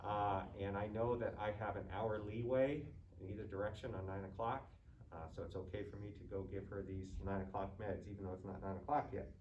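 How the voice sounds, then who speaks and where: This male nursing student, lowish-voiced and a little mellow, moves fairly quickly and steadily as he thinks aloud through a practice medication round, step by step, as a narrated skills demonstration. He's at a med cart in a simulated hospital ward, recorded on a distant mic with dull, roomy audio and faint background noise.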